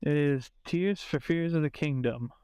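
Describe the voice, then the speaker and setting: A man's voice: fairly high pitch, measured pace, warm tone, clean tone, dry recording. A man playing trivia, hesitant and reasoning out his guesses aloud. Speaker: trivia contestant. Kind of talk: casual podcast chat.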